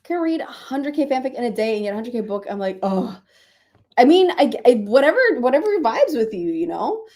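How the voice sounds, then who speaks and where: Hosting reading sprints on a live stream, this woman is drowsy and keeps yawning as she chats loosely with her viewers, muses aloud, and laughs a lot. Her voice sits a little high, with a dark tone and a fairly quick, sing-song delivery.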